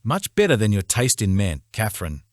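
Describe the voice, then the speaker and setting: A man's voice: on the low side, huge pitch swings, a little fast, no room sound, clean studio sound. A man voicing a frail, sweetly oblivious elderly grandmother in a romance audiobook.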